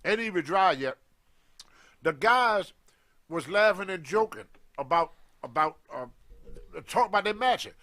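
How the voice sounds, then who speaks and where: An older man with a drawl tells an old road story in a casual, animated way, and he acts out each person's lines as he goes. His voice sits high for a man. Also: a little slow, pauses often. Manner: animated anecdote, acting out quoted lines. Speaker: guest storyteller on a wrestling show.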